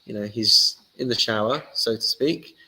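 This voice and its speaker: A man, a rabbi giving a casual teaching talk and telling stories lively, acting out the characters. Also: on the low side, normal speed, slightly rough, low-quality recording.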